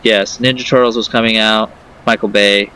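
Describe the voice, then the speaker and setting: A man's voice: fairly low pitch, level tone, moderate pace, a loud crowd, low-quality recording. A man co-hosting a casual movie podcast, talking hesitantly with many fillers. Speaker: podcast co-host.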